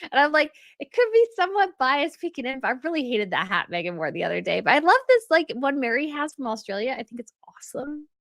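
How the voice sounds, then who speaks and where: Lively chatty woman livestream host. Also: high voice, fast talker, no echo, studio quality. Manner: chatty, reads viewer comments aloud and reacts. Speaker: royal news livestream host. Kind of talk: casual livestream chat reading comments. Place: home setup.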